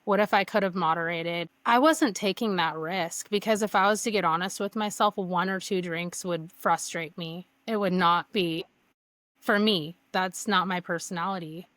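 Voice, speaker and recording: A woman's voice: lowish voice, normal speed, a bit bright, no room sound. A young woman candidly telling her personal story as a podcast guest, earnest, with many fillers and restarts.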